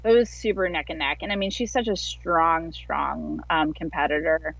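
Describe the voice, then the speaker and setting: A woman's voice: deep voice, steady tone, moderate pace, gravelly, dry recording. A woman guest telling her story in a casual interview over a video call, chatty and full of filler words. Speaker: guest athlete. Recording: dull lo-fi online call audio.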